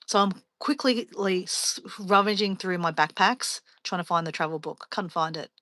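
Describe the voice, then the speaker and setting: A woman's voice: fairly low pitch, moderate pace, bright, forceful tone, no echo. A woman hosting a casual live stream as a travel vlogger, telling rambling stories and laughing often.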